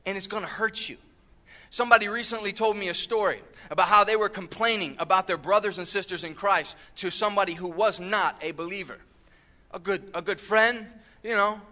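High bright-voiced male preacher. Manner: conversational preaching with frequent rhetorical asides. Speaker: pastor. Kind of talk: sermon.

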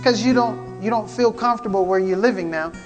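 A man's voice: high voice, a little fast. A man preaching a prophetic sermon, fervent and repetitive, calling out to the congregation. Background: guitar music.

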